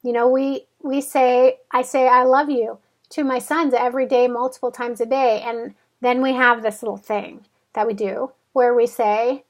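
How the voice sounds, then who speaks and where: A middle-aged woman hosting a home vlog, thinking aloud in a halting, troubled way as she talks to the camera. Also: sits high, steady tone. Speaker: vlog host. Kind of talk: casual talk to camera.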